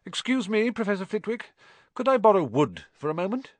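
A man's voice: sits high, sing-song, brisk, no room sound, voice pushed up. A man voicing a stern older female professor, with a clipped, commanding way of speaking, in an audiobook reading. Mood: brisk, stern.

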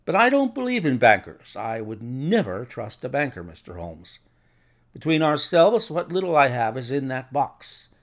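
A man's voice: mid-range voice, big pitch swings, moderate pace. A man voicing a nervous, jumpy middle-aged man who talks in a jittery, pleading way.

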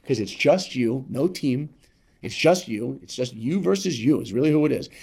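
A man as a podcast guest telling a motivational story, emphatic and repetitive, swinging between loud and hushed. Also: medium pitch, expressive, moderate pace, gravelly, husky.

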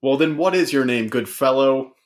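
A man's voice: medium pitch, normal speed. A man hosting a casual comedic podcast, joking around and putting on a sportscaster-style intro voice. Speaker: podcast host. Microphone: remote call recording.

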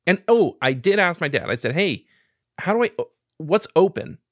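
A man spins a rambling, profane story in relaxed chat. His voice sits a bit high and swings widely in pitch. The recording is dry, with no room sound. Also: normal speed, no room sound. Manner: animated, profane, laughing through a story.

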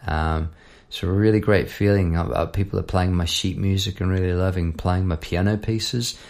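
Gravelly-voiced New Zealand man hosting a podcast. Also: deep voice, normal speed. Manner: rambling, relaxed, with many restarts. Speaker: podcast host, songwriter. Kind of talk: casual podcast chat.

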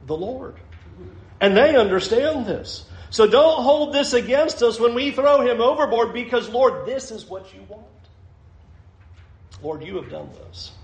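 A man's voice: high-pitched, roomy sound, rough recording. A man preaching a sermon as pastor, emphatic, repeating phrases and asking the listeners questions.

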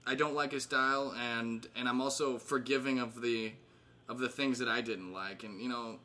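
A man's voice: mid-range voice, fairly even intonation, moderate pace, bright, forceful tone. A man in his thirties casually catching up with old friends, rambling with fillers and laughing often. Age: 30s. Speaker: host.

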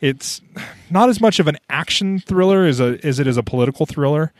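A man's voice: a little high, animated, brisk, no room sound. A man hosting a podcast, chatting casually and often restarting his sentences. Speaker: podcast host. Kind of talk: casual chat.

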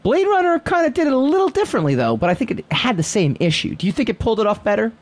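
A man's voice: high voice, sing-song, racing. A man co-hosting a movie talk show, chatting casually with many fillers and restarts. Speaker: co-host.

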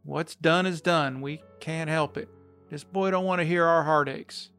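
A man voicing an old rancher father, weary and gentle, talking plainly with a choke of sorrow in his voice. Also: on the high side, steady tone, unhurried, smooth, faint music behind. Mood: grieving, resigned. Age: older.

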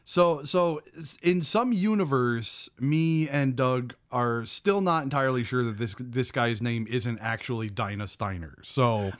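A man's voice: mid-range voice, unhurried, hardly any pauses. A man co-hosting a podcast, chatting casually and enthusiastically about a movie, swearing freely. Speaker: podcast co-host.

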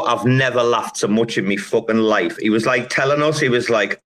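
Brief: middle-aged man, loose and sweary, spins long anecdotes in a relaxed chat show, mid-pitched voice. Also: a little fast, few pauses. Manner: profane, rambling storyteller. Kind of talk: casual online audio chat.

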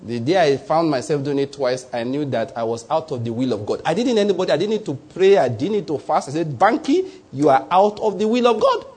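A middle-aged Nigerian man preaching a sermon, animated, stretching key words for emphasis and chuckling between points. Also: on the high side, fast, hardly any pauses, breathy edge. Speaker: pastor.

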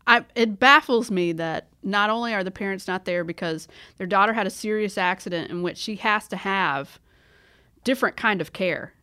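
A woman's voice: mid-range voice, normal speed, sharp tone, smooth. A woman co-hosting a casual book podcast, reacting emphatically and exasperatedly to the story. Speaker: podcast co-host.

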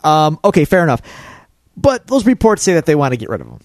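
A man's voice: fairly high pitch, wildly swooping pitch, fast, no echo, clean studio sound. A man co-hosting a casual podcast about comics and films, often interrupting to push back on points. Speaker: podcast co-host.

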